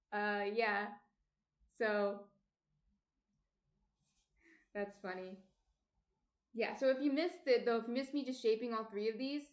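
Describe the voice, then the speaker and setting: A woman's voice: on the high side, reverberant. A woman from New Jersey chatting casually on a live stream, explaining each step of shaping bread and greeting viewers by name. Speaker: baker streaming a sourdough tutorial.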